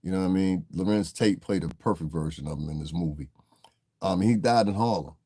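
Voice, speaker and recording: A man's voice: low-pitched, brisk, dark tone, slightly rough. A man hosting a casual livestream, laid-back and chuckling as he talks to his chat. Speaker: livestream host.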